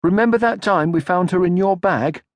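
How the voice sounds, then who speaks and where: A man voicing a gentle, earnest young male troll creature in an audiobook, in a soft voice. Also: high-pitched, normal speed, no room sound, voice pushed up, natural voice. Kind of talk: audiobook character voice.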